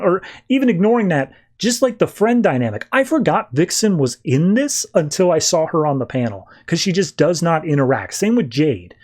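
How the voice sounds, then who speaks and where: A man's voice: a little high, darkish tone. A man hosting a podcast, casually recapping and reviewing a story in a loose, rambling way full of fillers. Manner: loose, filler-heavy retelling with frequent "like". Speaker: podcast host.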